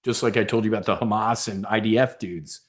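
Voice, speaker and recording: A man's voice: lowish voice, quick pace. A man hosting a live webinar, talking casually in a rambling, emphatic, preacher-like way. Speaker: webinar host.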